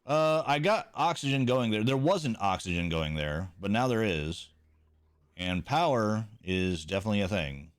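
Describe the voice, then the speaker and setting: A man's voice: fairly low pitch, sing-song, moderate pace, clean tone. A man streaming a video game, chatting casually with viewers in a laid-back, rambling, self-mocking way and swearing now and then.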